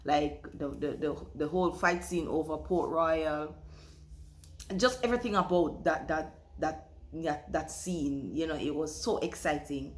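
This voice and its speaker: A woman's voice: sits low, measured pace. A woman casually recalling her favorite acting moments, with lots of hesitant fillers and repeated words. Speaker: cast member interviewee. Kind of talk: casual recollection to camera.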